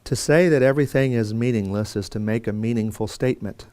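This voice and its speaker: A man's voice: mid-range voice, fairly quick, a little mellow, no echo. A man teaching a Bible course in a conversational lecture style, with fillers and restarts and quotes acted out. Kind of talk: classroom lecture.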